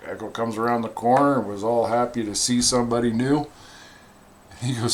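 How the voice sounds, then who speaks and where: A man casually telling a funny personal story in a wry, animated way, acting out the other people's lines. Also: mid-range voice, normal speed. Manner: wry, animated, acts out quoted voices.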